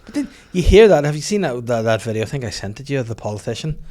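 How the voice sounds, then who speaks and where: A man hosting a comedy podcast, telling stories in quick casual chat and laughing often. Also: medium pitch, big pitch swings, dark tone. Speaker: podcast host.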